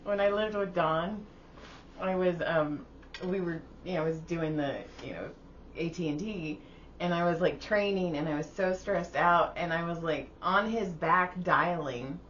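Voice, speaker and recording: A woman's voice: fairly low pitch, measured pace, fairly bright tone. A woman hosting a casual podcast, telling chatty stories and laughing often. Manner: giggly, chatty storyteller. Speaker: podcast host. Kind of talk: casual chat. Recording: slightly dull audio with faint hiss.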